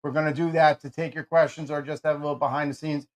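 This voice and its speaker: A man's voice: on the high side, little pitch movement, fast talker. A man hosting a radio talk show, bantering casually and joking with energy, often restarting his sentences.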